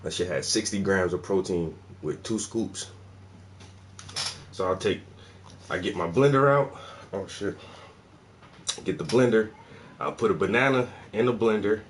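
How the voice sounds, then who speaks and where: Casual South Carolina man, lowish voice, loose slangy vlog chat, faint room hiss. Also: measured pace, pauses often. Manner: loose, profane, laughing slang talk. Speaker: vlogger. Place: indoors at home.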